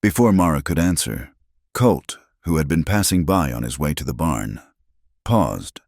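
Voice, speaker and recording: A man with an extremely deep, low voice reads a story aloud in a measured, unhurried manner. The sound is close and dry, with no room around it. It is plain scripted narration throughout. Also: lively intonation, creaky, a little mellow, no echo.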